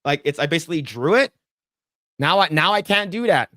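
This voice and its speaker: A man's voice: on the high side, lively intonation, brisk, pushed and bright, no room sound, clean studio sound. A man co-hosting a podcast, chatting casually while he draws, rambling and repeating himself and swearing freely when annoyed. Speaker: podcast co-host. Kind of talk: casual chat while drawing on stream.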